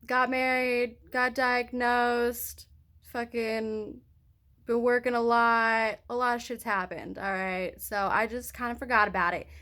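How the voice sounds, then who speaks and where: A young woman talks straight into the phone she is holding and rambles through a story with plenty of swearing. Her voice sits high and sounds bright and forceful. It comes across as a casual, animated personal vlog. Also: unhurried. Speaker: vlogger. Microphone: hand-held phone.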